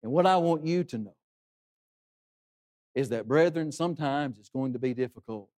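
A man's voice: medium pitch, moderate pace, darkish tone. A man preaching a sermon in an earnest way, asking rhetorical questions and dropping his voice for emphasis.

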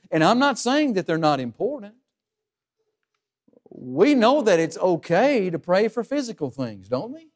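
High-pitched guy preaching a sermon, emphatic, lots of rhetorical questions.

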